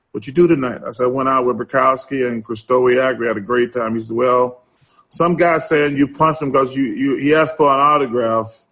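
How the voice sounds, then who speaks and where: A middle-aged man, telling a story as a podcast guest and acting out the quotes. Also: medium pitch. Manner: animated storyteller, acts out quotes. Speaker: interview guest. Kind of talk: casual storytelling.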